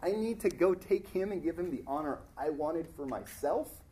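A man's voice: on the high side, animated, moderate pace, warm tone, lightly acted. A man voicing an indignant, scheming male royal official while retelling a story in a sermon. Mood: outraged. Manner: outraged, incredulous.

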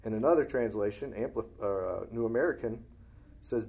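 A man teaching a Bible passage, reading the verses aloud and commenting on them plainly, often clearing his throat. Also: lowish voice, moderate pace, a little mellow, a little hiss or hum. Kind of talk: reading scripture and explaining it.

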